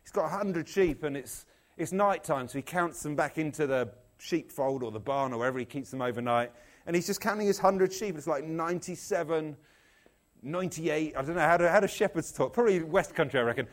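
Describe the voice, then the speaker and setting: Brief: male preacher, animated storyteller, slightly high voice. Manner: animated storyteller, jokey, acts out the people in his stories. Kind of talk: lively sermon.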